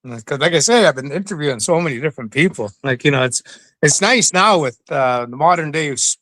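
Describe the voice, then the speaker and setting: A middle-aged man from western Canada, an interview guest who tells stories in a casual, animated way and acts out the voices. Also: a little high, brisk, no echo. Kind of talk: casual storytelling.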